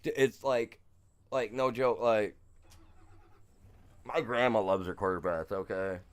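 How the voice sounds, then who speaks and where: A middle-aged man from Michigan, live-streaming a farming game and telling a long, animated story in casual, slangy chat. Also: lowish voice, slow pace, clear, resonant tone.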